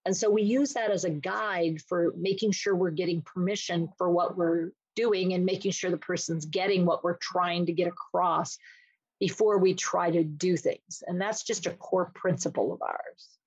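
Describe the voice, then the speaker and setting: A woman's voice: on the low side, normal speed, slightly rough, no echo, dull audio. A woman explaining dementia care in a podcast interview, acting out small scenes and voices as she talks. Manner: animated, acts out little scenes with voices.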